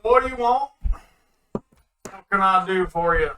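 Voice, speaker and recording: A man voicing a big, dazed male Goliath shopkeeper who talks gruff, loud and blunt in a tabletop game. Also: high-pitched, unhurried, roomy sound, distant mic, faint music behind, pitched above the performer's own voice, low-quality recording.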